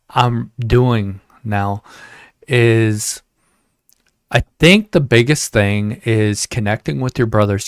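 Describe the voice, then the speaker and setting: Gravelly-voiced man hosting a veterans podcast. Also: medium pitch, no echo, clean studio sound. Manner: thoughtful, stumbles over words. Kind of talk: reflective podcast conversation.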